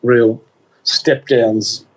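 A man co-hosting a radio chat, telling animated stories and mimicking the people in them. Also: mid-range voice, drawn-out words, slightly rough, poor audio. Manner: animated anecdotes, mimics others. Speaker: radio co-host. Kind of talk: casual radio chat and storytelling.

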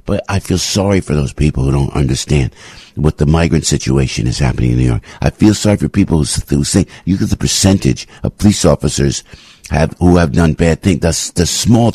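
Man, radio host, deep husky voice, heated rambling monologue, dry studio sound. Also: dark tone, no room sound. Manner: rambling, impassioned, frequent restarts and sudden pitch jumps. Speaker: radio talk show host. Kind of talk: opinionated talk radio monologue.

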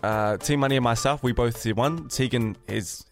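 A man hosting a morning radio show, upbeat and quick to laugh along. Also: medium pitch. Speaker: radio host. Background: music.

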